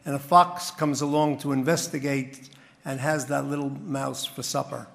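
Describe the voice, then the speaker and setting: A man's voice: mid-range voice, steady tone, normal speed, gravelly, a bit bright, big-room sound. A man speaking as master of ceremonies at a community dinner, telling stories and rousing the crowd. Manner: storytelling with crowd-rousing build-ups. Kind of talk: after-dinner speech.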